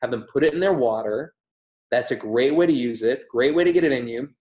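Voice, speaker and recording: Energetic, joking male trainer. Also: medium pitch, a little fast. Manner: energetic, emphatic, humorous, acts out quotes. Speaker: wellness product trainer. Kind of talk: motivational training talk. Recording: roomy echo.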